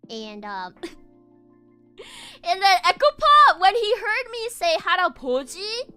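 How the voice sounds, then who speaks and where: A woman's voice: extremely high pitch, very animated, moderate pace, pushed and bright, soft background music. A young woman streamer telling a casual story while drawing, giggling often and restarting her phrases. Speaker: virtual streamer.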